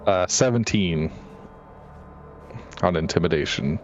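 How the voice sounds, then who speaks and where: A man with a low voice playing in a tabletop game. He talks very slowly and easily in relaxed banter. His sound is dull and muffled. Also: a little hiss or hum. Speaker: player.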